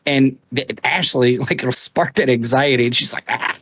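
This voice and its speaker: A man's voice: mid-range voice, moderate pace, a bit bright, no room sound. Man, podcast co-host, rambling story, swears freely, dry sound. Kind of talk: casual chat.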